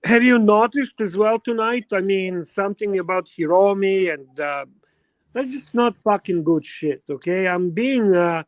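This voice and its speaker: His voice sits high and his pace is measured as this regular co-host of a casual livestream speaks hesitantly, dropping lots of fillers while sounding reassuring. The lo-fi mic gives a dull, dry recording.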